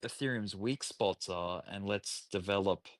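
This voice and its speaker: A man joins the stream as a co-host in casual conversation. His voice is somewhat low and dry, and he rambles with many fillers and agrees readily. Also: measured pace, dry recording. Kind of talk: casual chat.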